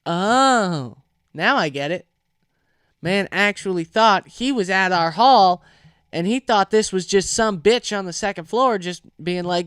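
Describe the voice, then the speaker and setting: A young man hosting a podcast alone, telling a college story in a casual, animated way, swearing and acting out the people he quotes. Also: sits high, measured pace, smooth, no echo, clean studio sound. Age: young adult. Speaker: podcast host. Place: home.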